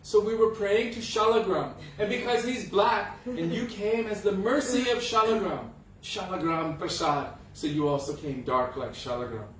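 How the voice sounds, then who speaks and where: Guy doing a worried mom voice, pleading and earnest, kinda high, roomy echo from a distance. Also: normal speed, hardly any pauses, a bit bright, a little hiss or hum. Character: worried loving mother, protective and pleading.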